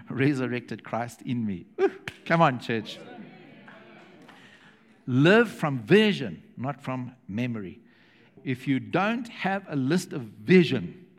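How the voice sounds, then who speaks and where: Animated preacher in a reverberant hall. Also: male voice, mid-range voice. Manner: animated preaching, acts out quotes. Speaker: pastor. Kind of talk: sermon. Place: church hall.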